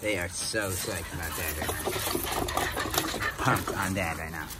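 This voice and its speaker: A man filming and chatting playfully about his dogs and their puppies, excited and using baby talk with them. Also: low-pitched, a little slow, very noisy. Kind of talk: casual vlog commentary.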